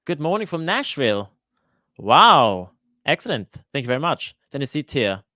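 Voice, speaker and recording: A man hosting a live Q&A for his cooking channel, chatting casually and greeting viewers by name, often pausing with "uh" and restarting his sentences. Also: medium pitch, big pitch swings, pushed and bright, no room sound, studio quality. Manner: hesitant, with frequent "uh" fillers and restarts. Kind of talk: live-stream Q&A chat. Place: lives in Switzerland.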